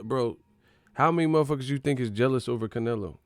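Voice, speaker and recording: A male boxing streamer ranting at his chat in a profane, mocking, animated way. His voice sits at a middle pitch and sounds dry and close to the mic, with faint music underneath. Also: quick pace, no echo. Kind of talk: casual livestream rant.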